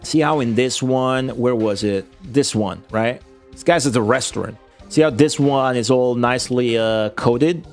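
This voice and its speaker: A man's voice: mid-range voice, a little slow, faint music behind. A man chatting on a livestream, blunt and profane, swearing freely as he rants. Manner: profane, blunt, excitable ranting. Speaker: streamer. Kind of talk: casual livestream chat.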